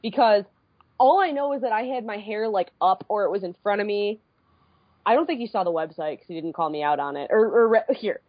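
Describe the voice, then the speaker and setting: A woman in her twenties from the Midwest, co-hosting a podcast and telling a story in a casual, animated way with frequent swearing. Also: medium pitch, fairly quick, no room sound, dull audio. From American Midwest. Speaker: podcast co-host.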